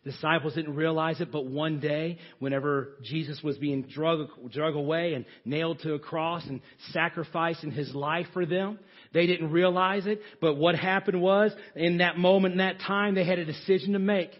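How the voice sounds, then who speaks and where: A man preaching a sermon, swinging from shouting to hushed near-whispers. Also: a little high, fairly even intonation, normal speed, lo-fi sound.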